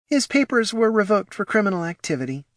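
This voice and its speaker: A man voicing a poor, proud female gnoll mother who speaks softly and pleads, in a storybook reading. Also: sits high, sing-song, fast, no room sound, clean studio sound, pitched above the performer's own voice. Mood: sorrowful.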